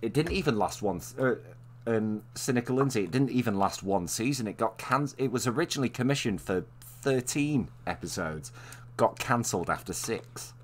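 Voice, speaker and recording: A man's voice: medium pitch, lively intonation, moderate pace, slight background noise. A man from Manchester hosting a live stream, chatting casually and rambling through stories with frequent self-corrections. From Manchester, England. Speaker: streamer host. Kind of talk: casual chat.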